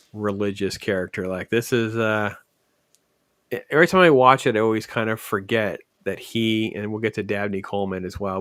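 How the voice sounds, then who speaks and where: A man hosting a casual podcast film discussion, relaxed and rambling with fillers. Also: fairly low pitch, no echo, clean studio sound. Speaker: podcast host.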